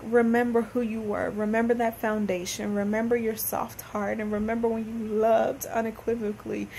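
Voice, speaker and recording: A woman hosting a motivational vlog, speaking earnestly and with deep feeling, close to tears, repeating her encouragements in a steady rhythm. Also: slight background noise, rough recording. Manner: earnest, heartfelt, faith-based encouragement; emotional, holding back tears.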